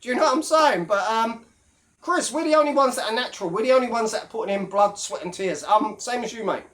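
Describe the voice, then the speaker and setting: A man's voice: very high-pitched, fast talker, a bit bright. A man talking straight to camera in a casual, mocking rant full of swearing. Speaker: YouTube commentator. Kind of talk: casual ranting monologue.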